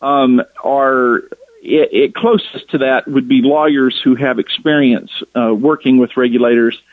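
A man calling in as a guest, speaking in a hesitant, halting way with many fillers. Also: mid-range voice, fairly even intonation, dry recording. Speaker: guest, conference organizer. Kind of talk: radio call-in interview. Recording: tinny phone line.

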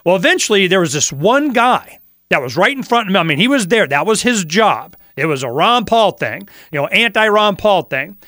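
A man from Florida hosting a talk radio show, telling stories in a rambling, animated way. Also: sits high, moderate pace, no echo, studio quality.

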